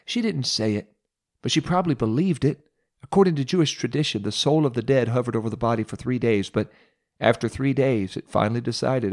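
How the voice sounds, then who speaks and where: A preacher retelling a Bible story in a sermon, dramatic and expressive, with pauses and emphatic repetition. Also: male voice, mid-range voice.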